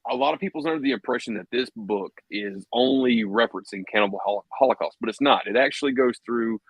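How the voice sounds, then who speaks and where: A man's voice: medium pitch, fast, breathy edge, no echo, poor audio. A man co-hosting a podcast, talking in a laid-back, slangy way with casual swearing. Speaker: podcast co-host. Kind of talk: casual chat.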